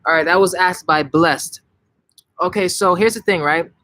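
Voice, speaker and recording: A young man chats through a live Q&A for his viewers. His voice sits a little high, and his delivery is animated and emphatic, with lots of "like" and quick restarts. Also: no echo, poor audio. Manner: animated, emphatic, frequent self-corrections and "like". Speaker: language-learning channel host answering viewer questions. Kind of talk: casual live Q&A.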